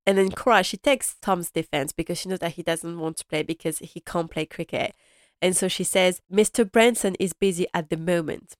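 A woman's voice: fairly low pitch, moderate pace, no echo, clean studio sound. Chatty woman recapping with frequent laughs. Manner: chatty, laughs often, retells scenes. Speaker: podcast host. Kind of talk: casual episode recap.

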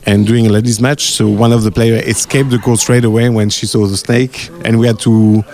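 A man who works as a tennis umpire, answering interview questions calmly and modestly, laughing easily. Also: lowish voice, fairly quick.

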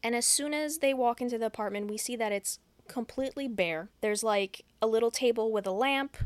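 A woman's voice: a little high, fairly quick, clear, resonant tone, no echo. Profane woman recapping a movie. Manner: profane, deadpan plot retelling. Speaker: podcast host. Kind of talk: casual movie recap chat.

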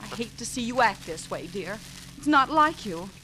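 A teasing radio-comedy wife. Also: female voice, medium pitch, lively intonation, moderate pace, rough recording. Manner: gently teasing. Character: sweet, sensible middle-aged housewife Mary. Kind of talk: 1940s radio acting. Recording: old radio broadcast, faint hiss.

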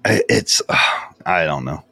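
A man's voice: very deep voice, lively intonation, moderate pace, gravelly, sharp tone, no room sound. A man co-hosting a podcast in casual chat, profane and mocking, often slipping into goofy impressions. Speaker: podcast co-host.

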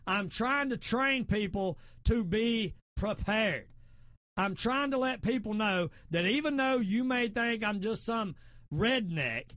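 Fervent Southern host, middle-aged, high-pitched, preaches in repeated emphatic lines. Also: male voice, lively intonation, slow pace, a bit bright, no room sound, studio quality. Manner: repetitive, emphatic, quotes scripture. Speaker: podcast host. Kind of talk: fervent preachy political talk.

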